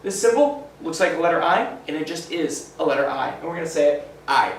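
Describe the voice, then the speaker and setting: With a fairly high, lively voice, a man slowly sounds out letters one by one in a phonics lesson, cheering the children on. The sound is roomy and echoey from a distant mic, with a slight hiss or hum.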